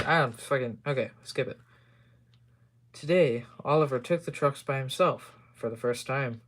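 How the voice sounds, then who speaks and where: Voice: mid-range voice, normal speed, a little hiss or hum. A tired amateur reader working through a children's story aloud, stumbling over words, correcting themselves and swearing under their breath.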